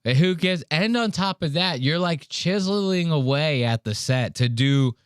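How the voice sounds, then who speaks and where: A man's voice: a little high, animated, normal speed, clear, resonant tone, no echo, clean studio sound. A man hosting a podcast, casually reacting to a clip in a blunt, profane, mocking way. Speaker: podcast host.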